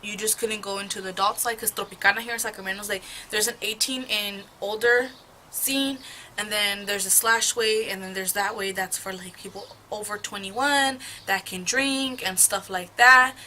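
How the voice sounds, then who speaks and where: This beauty vlogger, a young woman, sits at home applying makeup and casually rambles through a profane, gossipy storytime. Her mid-range voice keeps a steady tone at normal speed, pushed and bright. The poor audio has a little hiss or hum.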